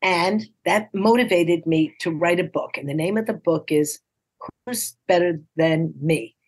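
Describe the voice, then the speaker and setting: A woman in her sixties from New York City chats as a podcast guest with a comic's timing, her voice sitting a little low. She talks in a lively, encouraging way and slips into playful voices when she quotes people. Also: a little slow. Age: 60s. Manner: encouraging, punchline-driven delivery. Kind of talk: casual interview storytelling.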